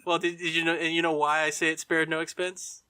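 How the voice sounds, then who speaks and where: Casting: fairly high, bright man's voice, easygoing podcast co-host. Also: level tone, a little fast, clear, resonant tone. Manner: hesitant, fillers, chuckling. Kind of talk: casual chat.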